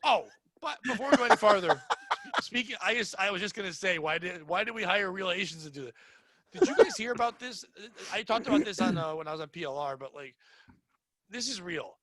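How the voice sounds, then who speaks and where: A man co-hosting a comedy podcast, riffing loudly and laughing through silly bits. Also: sits high, animated, brisk, dry recording. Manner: loud, laughing riffs with silly impressions. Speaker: podcast co-host.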